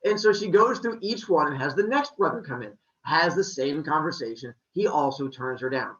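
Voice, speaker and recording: A man, a teacher, telling a myth to his class in a joking, lively way. His voice is bright and animated. The sound is roomy and distant, a bit dull. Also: on the high side, normal speed. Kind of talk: casual storytelling to a class.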